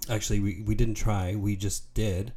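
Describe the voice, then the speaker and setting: A man's voice: fairly low pitch, flat delivery, moderate pace, dark tone. A man co-hosting a tennis podcast, chatting casually and laughing often. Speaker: podcast co-host. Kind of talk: casual chat.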